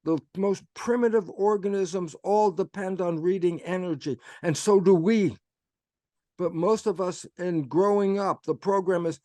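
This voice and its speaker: This man's voice is high-pitched and dark in tone, unhurried, and dryly recorded. Speaking as a guest, he explains his subject through storytelling, constantly quoting himself with "I say" and "I go" and leaning on rhetorical questions.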